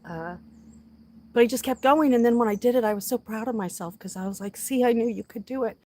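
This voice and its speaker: A woman's voice: on the high side, a little fast. A woman chatting casually and emotionally to a live audience while outdoors. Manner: emotional, heartfelt, talks softly to animals. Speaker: vlogger talking to a live audience. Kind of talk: casual livestream chat.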